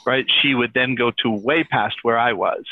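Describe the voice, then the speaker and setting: A man calmly explaining and telling stories as a guest therapist on a podcast. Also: mid-range voice, moderate pace, dry recording. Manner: calm, explanatory storyteller. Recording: dry, tinny phone-like line.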